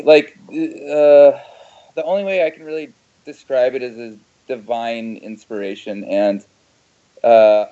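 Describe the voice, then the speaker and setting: Halting man on a dull phone line. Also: medium pitch. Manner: halting, hesitant, with big swings in loudness. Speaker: interview guest on the phone. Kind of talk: phone-in interview.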